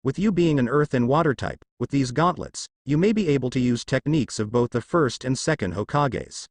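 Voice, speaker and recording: A man's voice: mid-range voice, animated, fairly quick, no room sound. A man doing a laid-back ninja teacher.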